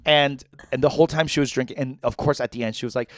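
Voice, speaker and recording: A man co-hosting a comedy podcast, telling animated, swear-filled stories and mimicking his mother. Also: medium pitch, fast talker, no room sound, studio quality. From United States. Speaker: podcast co-host. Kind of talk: casual comedic chat.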